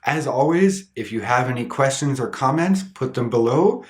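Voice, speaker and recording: A man teaching an English pronunciation lesson from a script, slowly and carefully demonstrating sounds with repeated example words. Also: medium pitch, lively intonation. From Canada.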